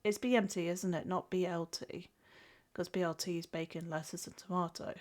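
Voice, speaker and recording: A woman's voice: fairly low pitch, fairly even intonation, moderate pace, darkish tone. A young woman streaming while she draws. She has a stuffy nose from a cold and chats casually with viewers, giggling often and restarting her sentences. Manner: chatty, giggly, answers chat, frequent restarts. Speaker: streamer and artist. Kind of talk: casual live-stream chat while drawing.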